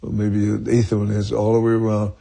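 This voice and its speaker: A man's voice: lowish voice, monotone, a little fast, vocal fry, mellow. An older man telling stories in an interview, rambling and chuckling as he goes. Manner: rambling, chuckling, restarts often. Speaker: interview guest. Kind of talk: storytelling in an archive interview.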